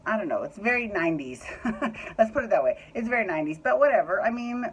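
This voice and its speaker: A woman's voice: mid-range voice, expressive, quick pace, breathy edge, dull audio. A woman recapping a reality show in a chatty, opinionated way, swearing freely. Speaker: recap vlogger.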